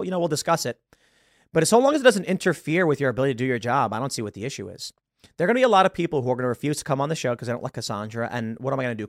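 A fired-up man in his thirties hosts a podcast, ranting through an opinionated monologue. His pitch bounces up and down as he argues, with combative, emphatic outbursts, stammered restarts, and hard stress on key words. The sound is close and dry, with no echo.

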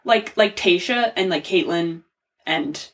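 A woman's voice: fairly low pitch, takes it slowly. A young woman co-hosting a podcast in casual chat, giggly and full of "like" fillers. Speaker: podcast co-host.

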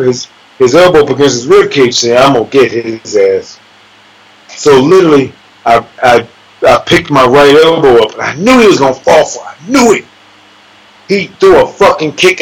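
Over poor audio, a man with a high-ish voice and a breathy edge tells how a sparring bout went in a casual chat. He curses, boasts, and laughs while talking, acting out the punches with sound words.

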